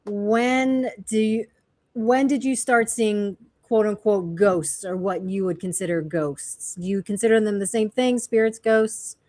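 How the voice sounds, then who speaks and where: A woman's voice: medium pitch, unhurried, no room sound, studio quality. A woman co-hosting a podcast, telling stories and asking her guest questions in casual chat. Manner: lively storyteller, asks questions. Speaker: podcast co-host.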